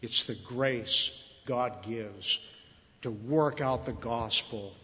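A man preaching a sermon, slow and earnest, rising louder on key phrases and dropping soft at the ends. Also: mid-range voice. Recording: muffled reverberant hall.

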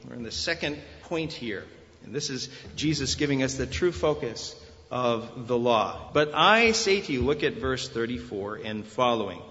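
A man's voice: mid-range voice, normal speed, fairly bright tone. A man preaching an expository sermon, reading scripture aloud and stressing key words with rising and falling emphasis. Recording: dull sound with long hall reverb.

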